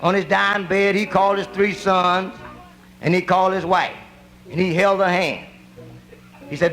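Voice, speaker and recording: A high-voiced man working a nightclub crowd with raunchy tall tales. He drawls his way through long stories, dropping "you dig" and "you see" as he goes. Faint music sits far behind him. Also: unhurried, long pauses, fairly bright tone. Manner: raunchy storytelling with drawling asides. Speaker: stand-up comedian. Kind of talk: live nightclub stand-up comedy. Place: nightclub stage.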